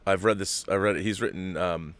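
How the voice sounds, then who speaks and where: A man's voice: deep voice, steady tone, fairly quick, a bit bright, dry recording. Dry-miked rambling male host. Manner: rambling, self-correcting, reads letters aloud. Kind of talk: casual livestream talk, reading viewer letters.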